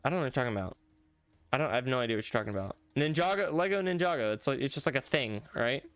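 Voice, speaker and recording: A man's voice: medium pitch, lively intonation, very fast, fairly bright tone, smooth, dry recording. A man live-streaming a game in casual chat, rambling and correcting himself as he answers his chat. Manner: rambling, self-correcting, talks back to chat.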